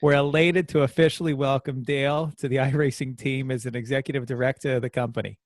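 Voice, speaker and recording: A man co-hosting a podcast, reading news items with wry, deadpan asides. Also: mid-range voice, fast, no room sound, studio quality. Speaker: podcast co-host. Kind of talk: casual chat, reading news.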